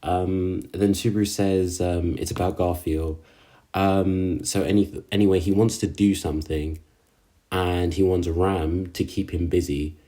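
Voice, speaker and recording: An anime reviewer with a low, warm, mellow male voice gives a casual episode recap and rant at a measured pace. He uses slang, trips over fillers, and sounds openly exasperated with the characters, in what feels like a relaxed solo reaction recording.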